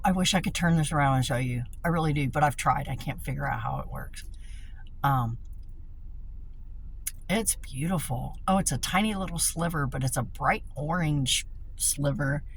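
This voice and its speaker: A woman's voice: deep voice, creaky, slight background noise, low-quality recording. A tired middle-aged woman venting in a rambling, profane monologue from inside a car, recorded on a phone. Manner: rambling, profane, laughs between thoughts. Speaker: vlogger.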